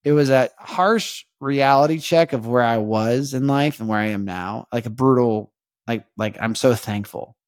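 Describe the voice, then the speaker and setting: A man hosting a podcast, talking in a rambling, halting way with many restarts and earnest, faith-minded reflection. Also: mid-range voice, no room sound, clean studio sound. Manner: rambling, halting, repeats words, keeps asking "you know what I mean". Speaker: podcast host. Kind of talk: casual confessional monologue.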